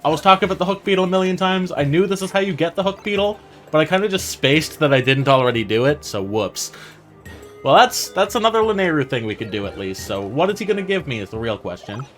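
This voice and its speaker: A man's voice: on the high side, expressive, fast talker, soft background music. A man commenting casually on his own video game playthrough, thinking aloud and laughing at his own mistakes. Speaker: gaming channel host. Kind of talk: let's play commentary.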